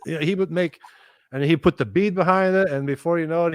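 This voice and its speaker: A middle-aged man, a guest musician, telling stories in casual chat. He is animated, swears freely and acts out other people's lines. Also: a little high, brisk, no echo.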